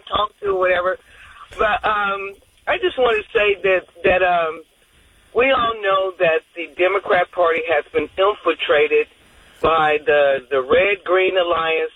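A woman calling in to a radio show, talking in a rambling, earnest way with frequent restarts. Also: fairly low pitch. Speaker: caller. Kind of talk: phone-in call. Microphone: telephone. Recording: tinny phone line.

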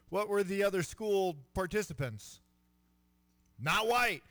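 Man, radio co-host, lively swinging pitch, teasing banter. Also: takes it slowly. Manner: teasing, animated. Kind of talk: casual sports talk.

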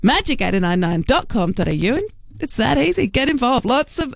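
A woman radio host with a chatty, playful delivery and a pitch that jumps around a lot. She sits a touch above the usual register, in a dry, close studio sound. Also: big pitch swings, a little fast, vocal fry, no echo. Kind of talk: casual radio chat.

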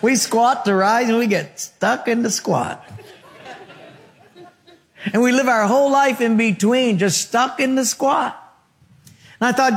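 A man's voice: extremely high pitch, unhurried, long pauses, long reverb tail. A man preaching a sermon to a congregation, asking rhetorical questions and telling stories with voiced quotes. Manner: storytelling with voiced quotes and laughter. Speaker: pastor.

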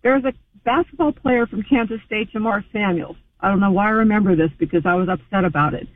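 A man calling in to a sports radio show, talking in an animated, sarcastic way. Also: high voice, fast, a little hiss or hum. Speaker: caller. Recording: tinny phone line.

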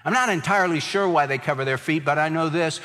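A male pastor delivering a sermon with a fairly high voice. He drives points home by repeating words for emphasis. His voice rings with a long hall reverb. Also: quick pace, a bit bright, faint music behind.

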